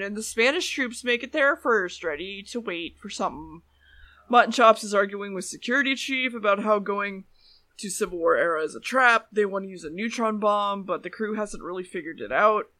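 A man with a high-pitched, bright voice rambles through a plot recap in a casual podcast chat. His sentences often trail off lower. The sound is dry and close. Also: lively intonation, moderate pace, no room sound. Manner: rambling plot summary, trailing off low at ends. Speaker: podcast co-host recapping episodes.

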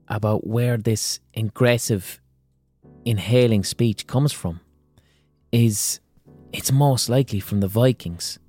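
A man's voice: mid-range voice, mellow. A man from Limerick with an Irish accent, hosting a solo podcast in a chatty, profane way, full of restarts and asides. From Ireland, Limerick. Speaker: podcast host.

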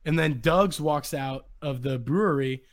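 A young man hosting a podcast, excitedly retelling a story in casual chat. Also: a little high, unhurried. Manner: excited, animated retelling with quoted voices. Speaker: podcast host.

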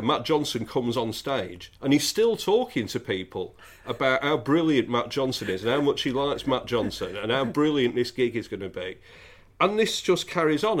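A man co-hosts a podcast in relaxed chat. He tells stories with dry asides and understated irony. His voice sits in a middle register. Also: mid-range voice. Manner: wry anecdotal storytelling. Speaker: podcast co-host.

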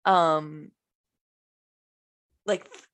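A woman's voice: low voice, fairly even intonation, a bit bright. Chatty young-sounding woman, casual. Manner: chatty, peppered with "like", quick to laugh. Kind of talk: casual chat.

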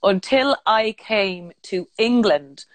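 An Irish woman chatting as a podcast guest, giggly and quick to interrupt herself. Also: mid-range voice, no echo. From Ireland. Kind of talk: casual chat. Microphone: remote live stream mic.

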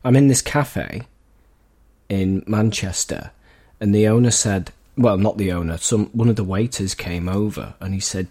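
A man co-hosting a film podcast, telling rambling stories in a relaxed chat. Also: fairly low pitch, normal speed, slightly rough. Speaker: podcast co-host. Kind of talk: casual storytelling chat.

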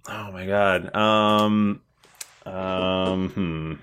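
A man chatting on a podcast, hesitant and wry, pausing to think. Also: sits low, level tone, fairly bright tone, smooth. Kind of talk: casual podcast chat.

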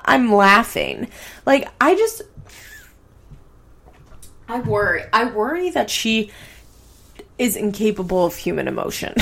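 A woman's voice: on the high side, gravelly. A woman hosting a podcast in casual, chatty commentary, swearing casually and saying "like" a lot.

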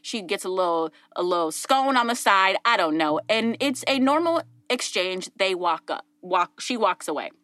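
Lively, animated woman host. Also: mid-range voice, normal speed, hardly any pauses. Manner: animated storyteller, acts out voices, laughs often. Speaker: podcast host. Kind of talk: casual chat.

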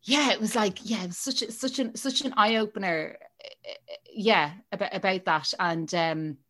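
A woman's voice: mid-range voice, normal speed, fairly bright tone. A woman in her thirties, an actor guest on a podcast, talking casually with frequent laughs and restarts. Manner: chatty, laughs often, many restarts. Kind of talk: casual interview chat.

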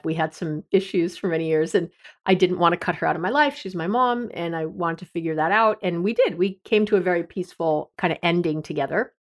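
A middle-aged woman, a therapist hosting an advice podcast, talking candidly in a conversational, self-deprecating way. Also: fairly low pitch.

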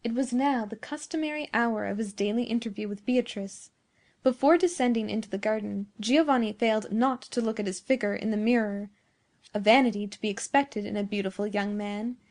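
A woman narrating a nineteenth-century story in a measured storytelling manner. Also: a little high, a little mellow. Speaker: audiobook narrator. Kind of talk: scripted narration.

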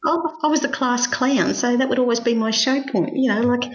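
A woman's voice: fairly high pitch, a little fast, a little hiss or hum. Frank, laughing woman. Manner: frank, self-mocking, laughs often. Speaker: guest. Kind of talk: personal storytelling interview. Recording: slightly dull lo-fi sound.

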